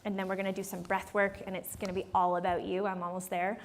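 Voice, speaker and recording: A woman's voice: mid-range voice, flat delivery, fast talker, a little hiss or hum. A woman in her thirties leading a live workshop. She tells a story in a chatty way, acts out the dialogue, laughs often and speaks straight to the room. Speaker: workshop leader. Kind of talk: live workshop talk to an audience. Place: conference room before a live audience.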